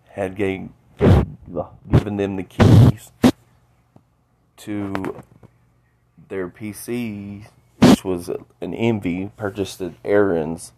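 A man with a low, heavy voice talks slowly through a solo podcast. He sounds stuffy from a cold and often stops to repeat a word before going on. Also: very noisy. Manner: halting, repeats words, rambling. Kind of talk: solo monologue.

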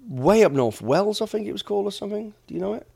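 A man's voice: high voice, lively intonation, quick pace, vocal fry, warm tone, slightly rough. A middle-aged man from the United Kingdom, blunt and plain-spoken, telling stories in a casual podcast chat. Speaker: podcast host, former soldier and bodyguard.

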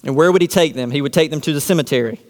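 A man's voice: on the high side, very fast, in a large hall. A man preaching a sermon from the pulpit, posing rhetorical questions and answering them with emphasis. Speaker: pastor.

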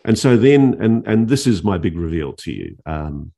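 A male journalist telling a story in an interview, animated, with restarts and dramatic pauses. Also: sits low. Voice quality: gravelly, husky.

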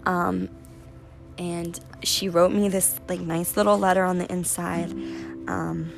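A woman's voice: fairly low pitch, level tone, slow pace, gravelly. A young adult woman hosting a faith-based podcast, chatting in a rambling way full of "like" and "um" as she tells personal stories. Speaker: podcast host. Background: music.

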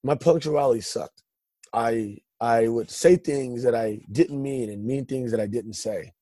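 A man's voice: mid-range voice, a little slow, dark tone, no echo. A man telling his life story in a loose, rambling way, with lots of restarts and fillers. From Northern California. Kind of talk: casual storytelling.

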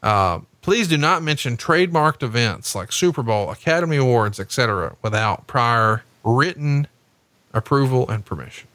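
A man's voice: medium pitch, animated, normal speed, fairly bright tone, no echo. A man co-hosting a podcast in casual chat, profane and wisecracking, reading rules in a mock-formal tone. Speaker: podcast co-host.

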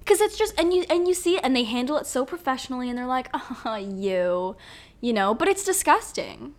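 A young woman with a fairly high voice hosts a solo podcast. She rants in a profane, animated, rambling way, swinging between loud outbursts and quiet asides. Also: quick pace. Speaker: podcast host.

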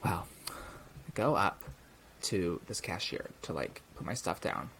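A young podcast co-host whose voice sits low speaks slowly, with slight background noise behind him. He narrates a story in casual talk, animatedly voicing the people he quotes.

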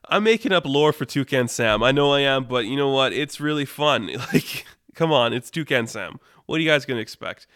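A man with a smooth, clear voice spins a casual, rambling made-up story with lots of fillers. His voice is close to the mic and dry, with no room sound. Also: medium pitch, fairly quick, few pauses, no echo. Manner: rambling, animated, many "like" fillers.

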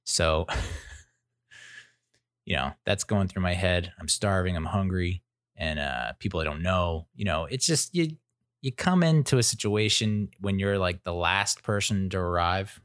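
A man's voice: low voice, measured pace, a bit bright, clean tone, dry recording, studio quality. A man in his thirties telling a casual story as a podcast host, rambling and self-interrupting with wry, jokey asides.

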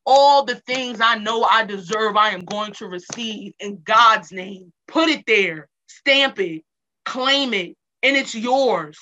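Bright emphatic woman, repeating for stress. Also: fairly high pitch, takes it slowly, highs cut off. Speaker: interview guest. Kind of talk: casual motivational talk.

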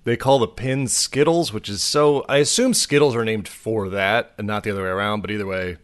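A man's voice: on the low side, fairly quick. A young man co-hosting a podcast in casual chat, joking and swearing, laughing often. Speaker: podcast co-host.

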